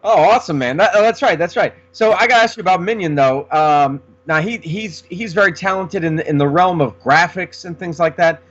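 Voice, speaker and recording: A man's voice: sits high, a little fast, hardly any pauses, fairly bright tone. A man co-hosting a casual sports podcast, rambling with many restarts. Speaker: podcast co-host. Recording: dull lo-fi sound.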